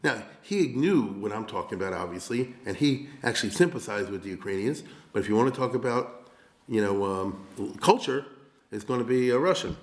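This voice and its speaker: A man, a rabbi, giving a conversational history lecture, full of rhetorical asides and quick check-ins with his listeners. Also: lowish voice, expressive, echoey room.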